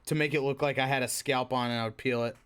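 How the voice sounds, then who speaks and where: A man co-hosting a casual podcast, bantering in a relaxed, joking way. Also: mid-range voice, fast, clean tone. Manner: joking, laid-back banter. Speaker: podcast co-host.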